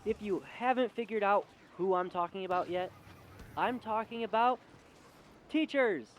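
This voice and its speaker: Young male vlogger, high voice, sarcastic and animated, comedic rant with faint background noise. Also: moderate pace. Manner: sarcastic, animated, jumps in pitch and loudness for emphasis. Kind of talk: casual comedic vlog rant.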